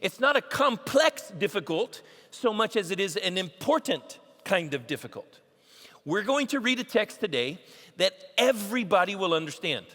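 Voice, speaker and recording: A man's voice: sits high, pushed and bright. Man preaching in a reverberant church. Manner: emphatic preaching, repeats key phrases. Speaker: pastor. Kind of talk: sermon. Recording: long church hall reverb.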